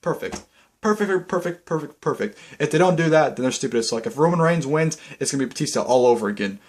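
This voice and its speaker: A young man talks fast in a casual video recap and piles up "you know" and "like" as he goes. His pitch sits right in the middle of the range for a man. He gets excited and rambles from one point to the next. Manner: rambling, filler-heavy, excitable. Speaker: vlogger.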